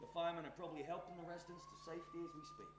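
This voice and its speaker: Man acting as sneering arsonist, stage play, lively swooping voice, echoey hall. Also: fairly high pitch, rapid-fire, background noise. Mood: menacing, taunting. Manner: taunting, sneering. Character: menacing scheming male arsonist, mocking and cruel. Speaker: stage actor.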